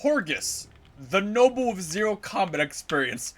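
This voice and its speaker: Excitable man commenting on gameplay. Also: fairly high pitch. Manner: excitable, swearing, quick reactions. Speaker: video game streamer.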